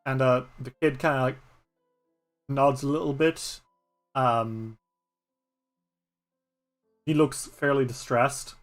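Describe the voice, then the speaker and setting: A man's voice: medium pitch, fairly even intonation, slow pace, long pauses, soft background music. A man with an Irish accent narrating a solo tabletop game as game master in a rambling way, with many fillers.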